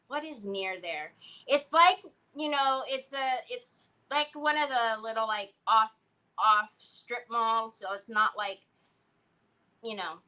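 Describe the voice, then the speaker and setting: Middle-aged woman, crafting host, rambling chat, slow unhurried delivery, somewhat high voice. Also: bright, forceful tone. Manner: chatty, rambling storyteller. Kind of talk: casual chat while crafting.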